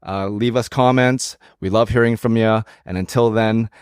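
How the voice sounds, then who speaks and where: A man's voice: lowish voice, steady tone, moderate pace, smooth, no echo, studio quality. A man from Canada co-hosting a podcast in casual chat, hesitant and full of fillers. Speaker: podcast co-host.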